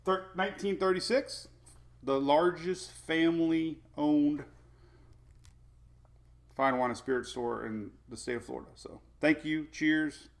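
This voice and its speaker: A man's voice: fairly high pitch, slow. A man hosting a casual weather livestream from home with his dogs, chatting, greeting viewers by name and laughing often. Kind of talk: casual live-stream chat.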